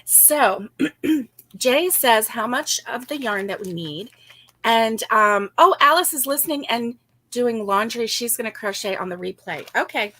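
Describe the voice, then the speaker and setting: A woman's voice: a little high, animated, unhurried, pushed and bright. A woman co-hosting a casual crochet-along, chatty and giggly as she greets viewers by name. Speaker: crochet co-host.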